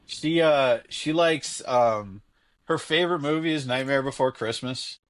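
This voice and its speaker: Appearing as a podcast guest over a call from his home basement, a father spins casual, rambling stories about his young daughter. His mid-range voice moves a little slowly, and his anecdotes are thick with filler.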